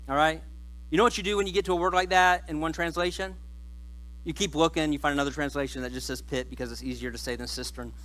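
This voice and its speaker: Bright high-voiced joking preacher man. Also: rough recording. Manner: conversational and joking. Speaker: pastor. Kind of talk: sermon. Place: church.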